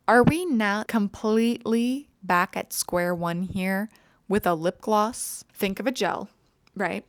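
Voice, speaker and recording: A woman's voice: medium pitch, takes it slowly, dry recording. A young woman talks through new makeup releases in a casual vlog, with a mid-range voice. She rants with exasperated sarcasm and leans hard on her points. The sound is dry and close, with no room around it. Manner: exasperated, sarcastic ranting with dramatic emphasis. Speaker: beauty vlogger. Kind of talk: casual ranting makeup review.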